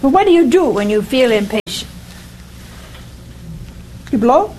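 An older woman preacher with a high, very animated voice gives a folksy, informal sermon at a slightly slow pace. She keeps stopping to ask "see?" and puts questions to her listeners. There's noise in the background.

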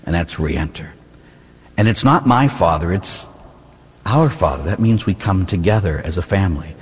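A male priest gives a sermon with a low, slightly husky voice, swinging widely in pitch as he talks. He preaches in an easy, conversational way, firing rhetorical questions at his listeners. The sound rings with the long reverb of a church hall. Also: expressive, moderate pace. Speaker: Catholic priest.

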